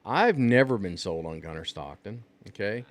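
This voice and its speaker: A man's voice: fairly low pitch, animated, moderate pace. A man in casual college football talk, opinionated and stressing points with repeated checks.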